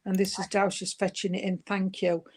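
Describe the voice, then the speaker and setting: Woman medium, warm-toned chatter, endearments throughout, mid pitch. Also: flat delivery, fairly quick. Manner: gentle, chatty, full of endearments like sweetheart and darling. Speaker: spiritualist medium. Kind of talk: giving a spirit reading.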